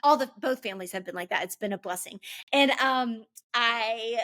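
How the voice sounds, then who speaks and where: A young woman hosting a casual faith-based podcast, chatty and animated, with many "like" fillers. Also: a little high, normal speed. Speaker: podcast host.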